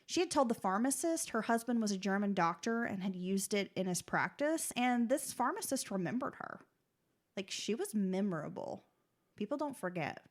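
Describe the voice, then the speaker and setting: A woman's voice: medium pitch, big pitch swings, normal speed. A woman co-hosting a true crime podcast, reading her script steadily and breaking into casual, chatty asides. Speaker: podcast co-host.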